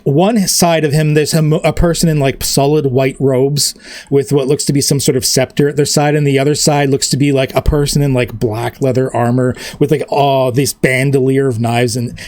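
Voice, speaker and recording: A man runs a tabletop game, narrating in a loose, rambling way with lots of fillers. His voice sits a little high. The sound is close and dry. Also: darkish tone, no echo. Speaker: game master.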